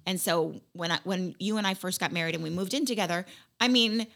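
A woman co-hosting a casual podcast chat, telling lively stories and acting out what others said. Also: fairly low pitch, a little fast, creaky. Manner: animated storyteller, acts out quotes. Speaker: podcast co-host.

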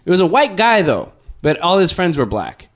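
A man hosting a podcast in casual comedic chat, joking and animated, sometimes trailing off into quiet asides. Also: high voice, normal speed. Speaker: podcast host.

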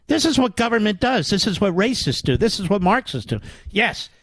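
Older male radio host from Philadelphia, emphatic sarcastic delivery, pitch rises and falls widely. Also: sing-song, normal speed, hardly any pauses, a bit bright, no echo. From Philadelphia area, US. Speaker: radio talk show host. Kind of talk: political talk radio monologue.

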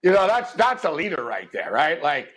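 A man's voice: a little high, huge pitch swings, normal speed, a bit bright, breathy edge. Rambling sports podcast host, man. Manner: loose rambling, filler-heavy. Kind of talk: casual sports betting chat.

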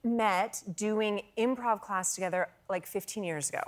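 A woman's voice: mid-range voice, normal speed, heavy background noise. Chatty, bubbly woman on a talk show. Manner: bubbly, laughs often, lots of "like" and restarts. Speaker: actress and comedian guest. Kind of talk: casual talk show chat.

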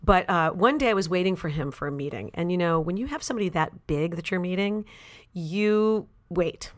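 A woman with a slightly low voice tells a personal story as an interview guest. She talks in a chatty, animated way and leans on fillers like "like" and "you know". She sounds like an actress recounting a backstage anecdote. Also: fairly quick.

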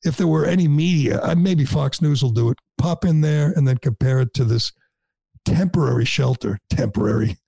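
Radio host guy, mocking and sarcastic, dark husky voice, dry close sound. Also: medium pitch, moderate pace, no room sound. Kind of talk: opinionated talk radio commentary.

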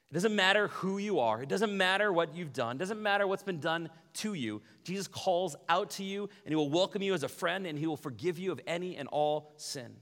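A man preaching a sermon as pastor, animated, often acting out quoted voices. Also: on the high side. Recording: long hall reverb.

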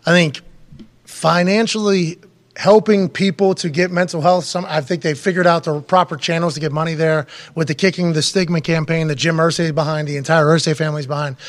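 A man hosting a casual sports talk show, animated and joking. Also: a little high. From Pittsburgh area. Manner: animated, joking, quick bursts. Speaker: sports podcast host.

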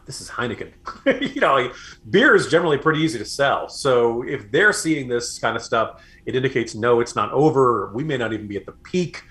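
A man's voice: medium pitch, fairly bright tone. Wry man co-hosting a talk show. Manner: conversational, wry. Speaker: podcast co-host. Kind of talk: casual political commentary.

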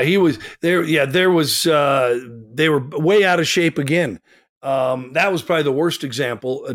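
A man co-hosting a soccer podcast, talking through a match in casual chat and getting animated when he makes a point. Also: dry recording, clean studio sound. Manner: animated, rises in pitch when making a point.

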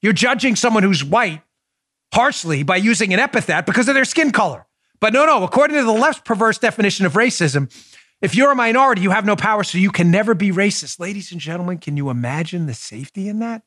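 A man hosting a political talk show, telling stories and arguing emphatically in an animated way. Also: high-pitched, fast, no echo, studio quality. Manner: emphatic, animated storytelling with laughs. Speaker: podcast host.

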